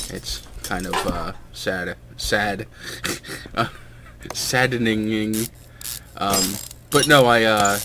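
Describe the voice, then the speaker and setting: A young man chatting casually and hesitantly, with many fillers and self-deprecating asides, while tasting a drink at home. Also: low voice. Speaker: hobbyist vlogger. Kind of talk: casual rambling chat. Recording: noisy home recording with clinking.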